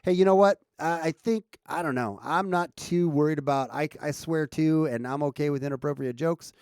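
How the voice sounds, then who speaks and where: A man's voice: a little high, moderate pace, a little mellow, smooth, dry recording, studio quality. An American man hosting a casual livestream, chatting loosely and reading viewers' comments with frequent restarts and chuckles. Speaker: livestream host.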